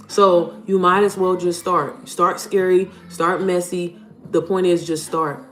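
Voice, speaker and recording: A livestream host who also coaches moms in business chats casually and bluntly, swearing freely and calling her viewers "y'all." Her voice sits on the low side, flat and a little slow, in a roomy home setup with faint music.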